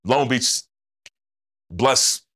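A man in his fifties, a former football player, telling stories as a guest on a podcast in an animated, laughing, slangy way. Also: mid-range voice, extremely slow. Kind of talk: casual podcast storytelling.

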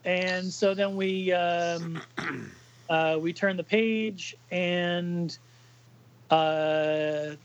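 A man co-hosting a podcast, recounting a comic book page by page in a casual, halting way with many fillers. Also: sits high, fairly even intonation, clear, resonant tone, dull audio. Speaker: podcast co-host reading a comic aloud. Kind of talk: casual chat.

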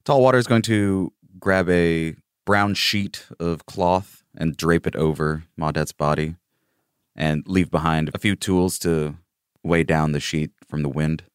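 A man with a very deep, smooth voice calmly describes his character's actions at a tabletop game. The sound is dry and close. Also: measured pace, dry recording. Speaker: player.

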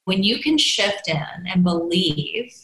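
A woman's voice: mid-range voice, big pitch swings, slow pace, a bit bright. Reassuring woman life coach, roomy sound. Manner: reassuring, encouraging, direct. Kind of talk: coaching conversation as podcast guest. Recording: roomy echo.

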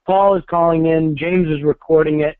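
A man's voice: fairly high pitch, steady tone, normal speed, clean tone, no room sound. Wry podcast host man on phone line. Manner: wry, joking, self-deprecating. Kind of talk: casual podcast hosting. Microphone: cell phone call-in.

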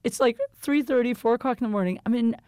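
A woman's voice: fairly high pitch, fast talker, mellow, clear, resonant tone, no echo, clean studio sound. A young adult woman hosting a podcast, telling a story in casual chat, candid and profane, with lots of fillers. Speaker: podcast host.

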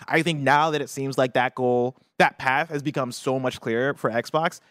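A man co-hosting a gaming news show, thinking out loud with restarts and tag questions. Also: mid-range voice, steady tone, normal speed, hardly any pauses, no echo, studio quality. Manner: rambling, restarts, many fillers and tag questions. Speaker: co-host. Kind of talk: casual gaming news chat.

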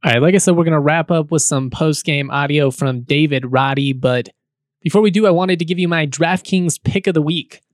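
Sports podcast guy rambling about his team, slightly high voice, super dry close sound. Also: fairly quick, no room sound. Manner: relaxed and chatty, with fillers and chuckles. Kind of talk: casual podcast talk and read ad.

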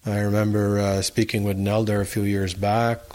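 A Canadian man with a fairly low voice recounts an old conversation. He tells it in a relaxed way, quoting the other person's words. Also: normal speed. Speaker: local chief, interviewee. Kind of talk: anecdotal recollection.

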